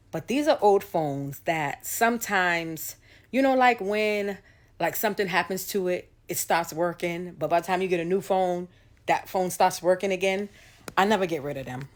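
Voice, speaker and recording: A woman singer with a fairly low-pitched voice tells her viewers a story in a casual, chatty way. She acts out the voices of the people in the story as she goes.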